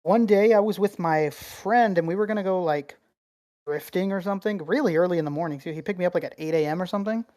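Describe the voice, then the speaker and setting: A woman co-hosting a podcast in casual chat, telling stories in a profane, rambling, animated way. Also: fairly low pitch, quick pace, no echo. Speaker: podcast co-host.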